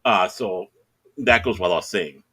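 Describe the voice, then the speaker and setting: A man's voice: low voice, a little slow, sharp tone, slightly rough. A middle-aged man telling a long anecdote in casual chat, acting out the other people in the story in raised voices. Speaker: podcast co-host.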